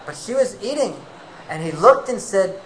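A man preaching a devotional sermon, an animated storyteller who weaves in Sanskrit terms. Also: high voice, normal speed, slight background noise, low-quality recording.

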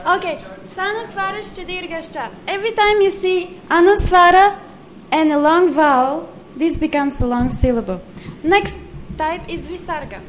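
High-voiced woman teaching pronunciation. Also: slight background noise. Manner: patient, corrective, repeats words slowly and precisely. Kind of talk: live class lesson.

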